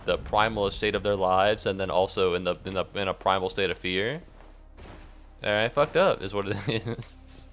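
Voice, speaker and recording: A young man streams a game, giving casual commentary that rambles and turns sarcastic, with lots of swearing and sudden yelps at what happens on screen. His voice is lowish, with a fairly bright tone.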